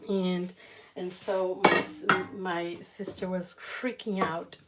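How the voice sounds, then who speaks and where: A woman hosting a cooking channel, telling a family story in a casual, halting way while she cooks, with many fillers and restarts. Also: lowish voice, flat delivery, heavy background noise.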